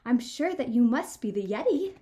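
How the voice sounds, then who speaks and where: A woman voicing an eager young boy explorer who shouts with glee in a storybook read-aloud. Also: on the high side, very animated, normal speed.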